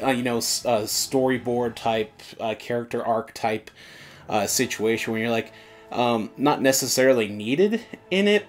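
A man co-hosting a casual fan chat, rambling with many restarts and "uh"s. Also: lowish voice. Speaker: co-host.

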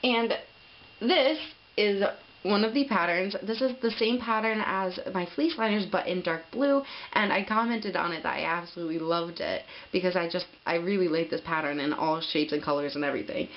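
A young woman in a casual vlog, opening a gift package and gushing with excitement, full of fillers and little laughs. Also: on the low side, fairly quick, lo-fi sound, a little hiss or hum. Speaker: pet vlogger.

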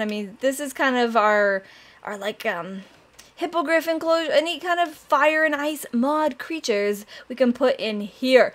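A young woman hosting a casual game let's-play, bubbly and excitable, often gasping and squealing with delight. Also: sits high. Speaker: gaming channel host.

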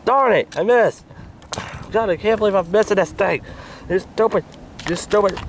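Man with a high, swooping voice doing a bickering homemade hand skit, loud background noise. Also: moderate pace. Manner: squabbling, whiny, bursts of shouting.

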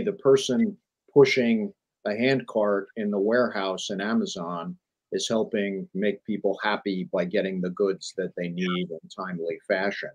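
A middle-aged man, a journalist and author, telling business stories in a lively, emphatic way as a guest on an interview show. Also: on the low side, rough recording. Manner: animated storyteller, emphatic repetition. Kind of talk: conversational interview.

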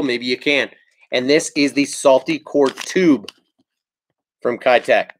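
A man hosts a casual live stream and talks through his favorite baits in a loose, easygoing way. He fills his pauses with ums and breaks off to answer viewers' comments as they come in. His voice sits at an ordinary middle pitch for a man. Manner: relaxed, rambling with frequent ums. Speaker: fishing channel host.

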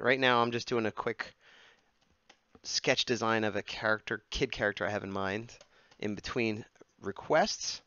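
A man live-streaming while he draws, mumbling and humming to himself, then perking up to talk to his chat. His voice sits at a middling pitch. The mic is dry and a little dull and lo-fi. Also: no echo. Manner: mutters and hums to himself while drawing, then turns to chat brightly. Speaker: streamer sketching and taking requests.

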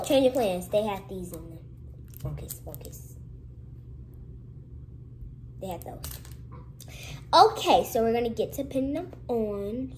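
A young woman chatting casually to camera in a vlog, lively and sometimes dropping to hushed whispers. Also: mid-range voice, a little hiss or hum, low-quality recording. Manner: lively, switches to hushed whispers when nervous. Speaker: vlogger.

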